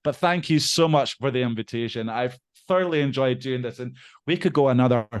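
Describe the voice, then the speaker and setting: Bloke guesting on a podcast, mid-pitched, chatty, swears a bit, pokes fun at himself. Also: male voice, a little fast, clean tone. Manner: chatty and animated, swears casually; self-deprecating, laughs at himself. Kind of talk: casual chat.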